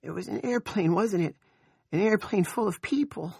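A man voicing a frightened young girl who speaks in a high, childish, tearful voice. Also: normal speed, creaky, darkish tone, breathy edge, no echo, clean studio sound, full character voice.

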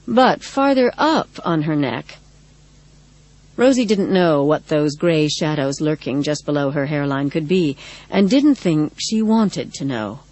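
Measured woman reading a dark tale. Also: sits low, expressive, dry recording, low-quality recording. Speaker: audiobook narrator. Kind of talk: scripted narration.

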